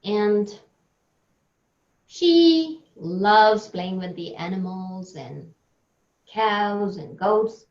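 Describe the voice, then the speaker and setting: A woman giving a talk on a video call, telling a story in an animated way and acting out the lines of its characters. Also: medium pitch, drawn-out words, pauses often. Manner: animated storyteller, acts out dialogue. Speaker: guest speaker. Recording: echoey, dull lo-fi audio.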